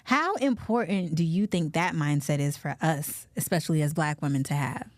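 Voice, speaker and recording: A woman's voice: low-pitched, moderate pace, no room sound, studio quality. A woman hosting a casual radio interview, with frequent encouraging interjections and affirmations. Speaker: radio host.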